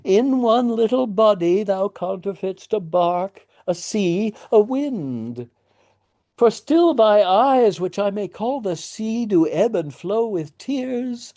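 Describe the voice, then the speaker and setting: A man reading the part of a blustering, pompous father who coaxes his daughter in a slow, sing-song voice. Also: sits high, animated, warm tone, voice pushed up, heavily acted. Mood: coaxing. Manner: slow, sing-song coaxing like talking to a toddler. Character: blustering middle-aged father, pompous patriarch.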